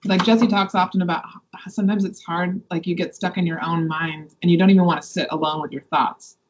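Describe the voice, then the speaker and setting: A woman's voice: on the low side, steady tone, a little fast, muffled recording, slight background noise. A woman co-hosting a podcast, asking a question hesitantly as she thinks it through aloud. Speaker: podcast co-host. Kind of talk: casual interview conversation.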